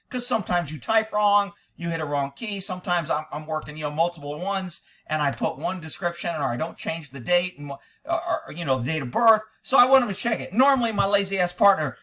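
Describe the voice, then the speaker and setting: A man rants in a sarcastic, profane running commentary, full of exasperation. His voice sits high and bright, and it swings widely as he mocks what he is watching. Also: animated, a little fast. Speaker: commentator, former fugitive hunter. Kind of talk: ranting video commentary.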